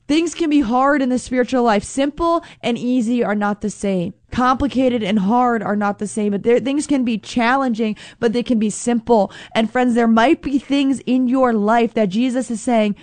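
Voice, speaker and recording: A woman's voice: on the high side, moderate pace, a little mellow, no room sound. Casual woman preaching a sermon. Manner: informal, addresses listeners as friends, fills with "like". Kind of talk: conversational sermon with scripture reading.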